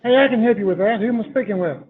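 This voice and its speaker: Male trainee, high husky voice, fast eager patter, phone-line sound. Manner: rapid, eager, scripted sales patter. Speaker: sales trainee. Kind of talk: role-play phone practice.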